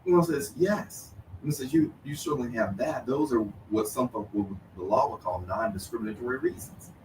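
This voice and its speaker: A man's voice: mid-range voice, very animated, a little fast, a little hiss or hum. A man appearing as a lawyer guest on a radio show, explaining points with frequent "you know" and "okay". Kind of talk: radio debate. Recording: roomy distant sound with faint ambience.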